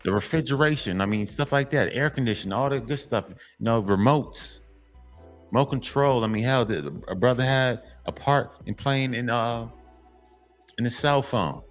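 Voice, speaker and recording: A man's voice: medium pitch, moderate pace, faint music behind. Emphatic man lecturing other men. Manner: profane, blunt. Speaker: commentary channel host. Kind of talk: monologue addressed to men.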